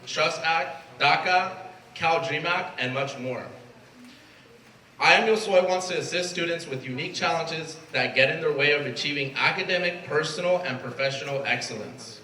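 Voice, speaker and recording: A man's voice: on the high side, normal speed, bright, forceful tone. A young man from Mexico, the new president of a student club, giving an earnest, emotional prepared speech. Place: event space at a college. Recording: echoey room from far off, faint ambience.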